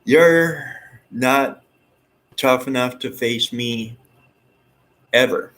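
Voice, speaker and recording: A man's voice: medium pitch, drawn-out words, fairly bright tone, rough recording. A man putting on a menacing male pro wrestler who talks in a threatening, dismissive way.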